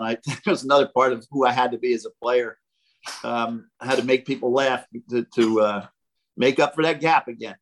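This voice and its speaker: An older man, a former ballplayer, telling animated stories as a podcast guest and acting out the quotes. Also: medium pitch, a little fast, low-quality recording. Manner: animated, jokey storyteller who acts out quotes. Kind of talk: casual storytelling.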